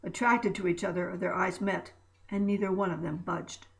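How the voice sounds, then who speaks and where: Lady reading a story out loud, stumbles and restarts now and then. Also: on the low side, steady tone, moderate pace, low-quality recording. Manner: reads with slips and restarts. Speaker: narrator. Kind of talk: story narration read aloud.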